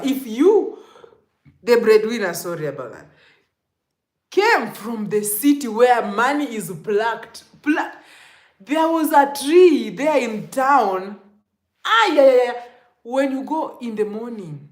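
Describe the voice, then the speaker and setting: A young Kenyan woman with a Kenyan accent telling stories to camera in an animated way, laughing and dropping to hushed asides. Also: a little high, slow. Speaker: vlogger. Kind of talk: casual storytelling to camera. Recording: echoey room.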